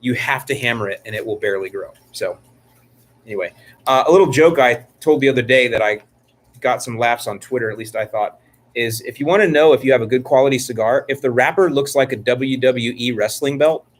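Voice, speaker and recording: A middle-aged man hosts a laid-back lawn care live stream, speaking briskly at a medium pitch. He jokes and rambles, often restarting his sentences.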